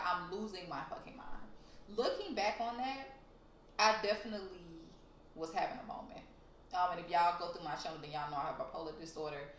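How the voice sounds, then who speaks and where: A woman's voice: on the low side, fairly bright tone, slight background noise. Blunt, heated woman in an echoey room. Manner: blunt, profane, heated retelling. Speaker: storytime vlogger. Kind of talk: casual storytelling to camera. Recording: roomy echo.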